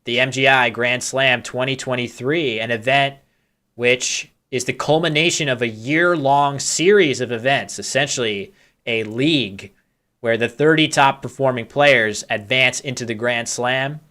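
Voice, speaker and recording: A man commentates a live board-game tournament in a casual, chatty style, tossing in candid joking asides and self-deprecating humor. His medium-pitched voice is bright and forceful, and he speaks a little slowly.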